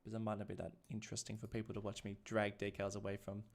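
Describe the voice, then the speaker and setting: A man's voice: fairly low pitch, completely flat delivery, quick pace, vocal fry. Chatty Australian man streaming. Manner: chatty, laughing, many restarts. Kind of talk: casual livestream chat.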